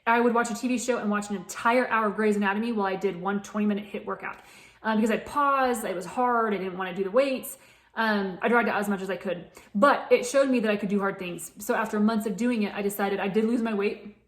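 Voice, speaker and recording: A woman's voice: mid-range voice, quick pace. A woman in her late thirties, a fitness coach, telling her own story in a candid, chatty way. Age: 30s. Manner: candid and chatty, many restarts. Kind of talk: personal story told to camera. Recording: echoey room.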